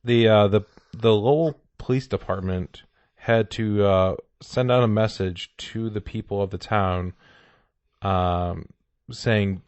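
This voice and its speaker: A man's voice: lowish voice, fairly even intonation, slow, darkish tone, dry recording, highs cut off. A man hosting a comedy podcast, telling a rambling, joking story full of "like". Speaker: podcast host. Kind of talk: casual comedy chat.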